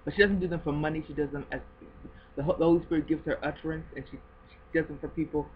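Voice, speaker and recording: A woman talking on her faith video blog at home, expressive and swinging from hushed to excited as she speaks of God and blessings. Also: deep voice, fast talker, dull audio, slight background noise. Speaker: video blogger.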